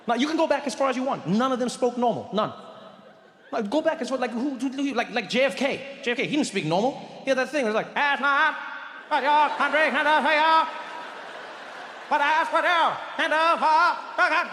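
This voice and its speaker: A middle-aged man doing an animated stand-up comedy routine, often slipping into voices and impressions. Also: high voice. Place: large comedy venue. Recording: echoey venue with long reverb and faint noise.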